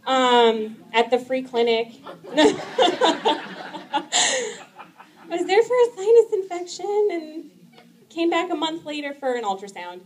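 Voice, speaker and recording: A woman's voice: sits high, very animated, slow pace, long pauses. A woman in her thirties doing stand-up comedy at a live event, chatty, with lots of "um"s and laughing at her own jokes. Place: live event in front of an audience.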